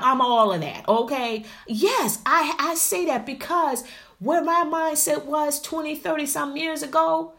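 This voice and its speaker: A middle-aged woman vlogger with a slightly high voice chats animatedly as she tells her viewers a story, calling them honey and y'all a lot. She swings between loud outbursts and quiet asides.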